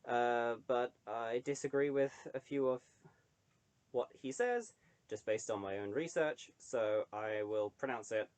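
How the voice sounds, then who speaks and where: A man's voice: medium pitch, darkish tone. A young adult man chatting casually to camera, rambling with lots of ums and wry asides. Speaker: online creator reading poetry.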